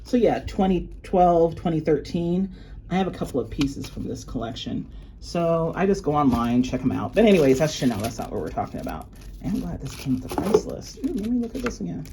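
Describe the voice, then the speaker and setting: Excitable woman unboxing luxury goods. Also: low voice, a little fast, slight background noise. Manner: gushing, excitable gasps and exclamations. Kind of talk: casual unboxing chat.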